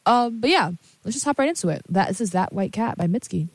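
A woman's voice: medium pitch, big pitch swings, fast talker, breathy edge, no room sound. A young woman hosting a show and introducing songs in a casual, rambling way, full of fillers and self-corrections, sounding sleepy and yawning. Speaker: host playing and introducing songs. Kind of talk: casual chat.

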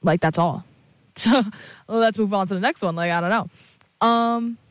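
A woman's voice: medium pitch, normal speed, smooth, no room sound. A young woman hosts a casual show, chatting between songs in a loose, rambling way full of "like" and "um". She sounds sleepy and keeps correcting herself. Her voice sits in a middle register and is recorded dry and close, with no room sound. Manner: rambling, scattered with fillers and self-corrections. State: sleepy, yawning. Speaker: host playing and introducing songs. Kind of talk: casual chat.

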